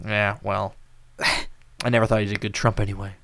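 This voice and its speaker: A man hosting a podcast in casual chat, animated and rambling. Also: lowish voice, normal speed, vocal fry, dry recording. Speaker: podcast host.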